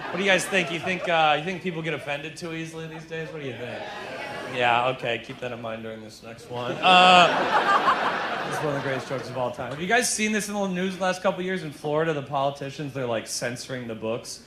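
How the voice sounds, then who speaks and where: A man doing a stand-up set with crowd work, brash and sarcastic, shouting some punchlines. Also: a little high, fairly quick, heavy background noise. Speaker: stand-up comedian. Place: comedy club stage with laughing audience. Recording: live club recording with audience laughter. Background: crowd laughter.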